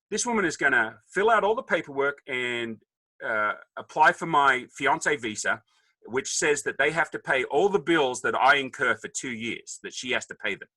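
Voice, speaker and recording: Lively, bright-voiced Australian man. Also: a little high, no room sound, low-quality recording. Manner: animated, joking storyteller acting out dialogue. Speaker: podcast guest. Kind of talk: casual storytelling.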